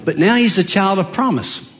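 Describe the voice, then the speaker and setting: Animated preacher man, lively pitch. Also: normal speed. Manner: storytelling with acted-out dialogue and humor; swings between soft low asides and raised emphatic cries. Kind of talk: sermon.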